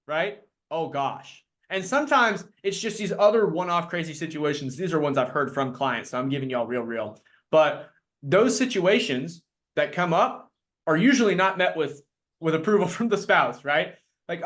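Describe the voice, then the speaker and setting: A man leading a live sales training talk, energetic and quick to act out his clients in put-on voices. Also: a little high.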